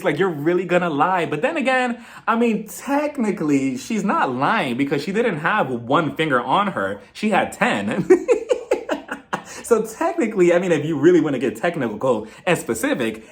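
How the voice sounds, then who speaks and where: A young man giving a casual, sassy review of a reality TV episode and acting out the cast's lines. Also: fairly high pitch. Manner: animated, acts out the cast's lines in quotes; chuckles often, playful and sassy. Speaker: reality TV recap vlogger.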